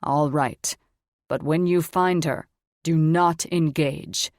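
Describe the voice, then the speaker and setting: A woman's voice: sits low, steady tone, takes it slowly, darkish tone, dry recording, clean studio sound. A woman voicing a commanding male wolf pack leader who gives stern orders in an audiobook.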